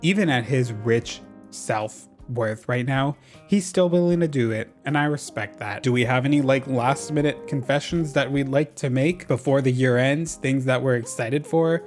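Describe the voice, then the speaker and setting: A gaming YouTuber giving casual let's-play commentary, excitable and dramatic, using lots of slang and talking to the characters on screen. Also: medium pitch, normal speed, hardly any pauses, faint music behind. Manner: talks to game characters while playing.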